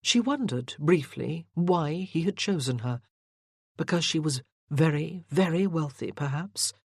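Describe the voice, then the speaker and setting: An audiobook narrator reading a historical romance in a measured, even storytelling manner. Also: mid-range voice, vocal fry, breathy edge, dry recording, clean studio sound.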